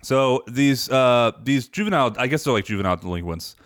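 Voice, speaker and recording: An easygoing, wry man co-hosting a podcast and reviewing movies in casual chat. His pitch moves around a lot as he talks. He is recorded dry and close. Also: animated, a little fast, no echo. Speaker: podcast co-host.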